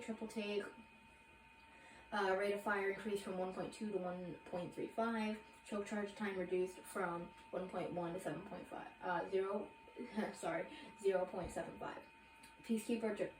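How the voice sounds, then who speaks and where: A young woman reads game update notes aloud in a loose, chatty way, stumbling and fixing her words as she goes. Her voice sits at a middling pitch. The sound is roomy, with a faint hum behind her. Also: a little mellow. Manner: rambling, filler-heavy, self-correcting. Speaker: gaming video creator. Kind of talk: casual reading of patch notes.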